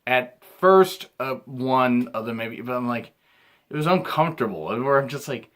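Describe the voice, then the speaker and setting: A man in his thirties giving a rambling casual recap as a reviewer, often clearing his throat and restarting his sentences. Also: medium pitch, lively intonation, normal speed, a bit bright. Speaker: wrestling reviewer.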